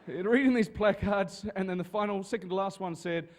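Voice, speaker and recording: A man telling casual, lively anecdotes to an audience as a guest on a convention panel. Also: high-pitched, brisk. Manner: lively storyteller with restarts and swearing.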